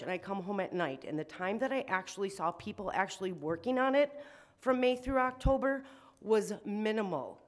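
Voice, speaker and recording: Woman resident, emotional and shaky, exasperated public comment at a council meeting. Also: mid-range voice. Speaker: resident speaking at public hearing. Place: city council meeting room.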